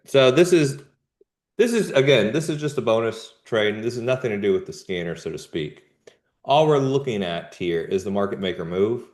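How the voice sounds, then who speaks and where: A man hosting a live trading show, giving casual market commentary in jumpy bursts with slangy asides. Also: lowish voice. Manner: animated, jumpy delivery with sudden emphatic bursts.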